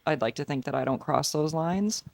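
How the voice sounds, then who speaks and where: A woman's voice: sits low, a little fast, creaky, no room sound. A woman co-hosting a casual podcast, laid-back and making dry asides. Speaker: podcast co-host, tattoo artist. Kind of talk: casual chat.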